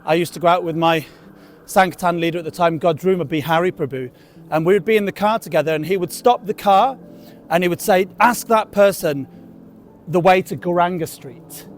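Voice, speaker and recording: High-voiced cheerful monk greeting passers-by. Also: male voice, fast. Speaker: temple monk and street book distributor. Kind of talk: street outreach and anecdotes.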